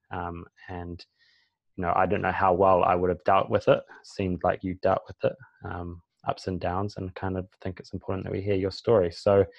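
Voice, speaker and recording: A New Zealand man hosts a casual podcast chat, his voice very low and gravelly with little rise and fall. He rambles through his questions with fillers, recorded dry and close. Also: no echo, dull audio. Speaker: podcast host. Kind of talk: casual interview.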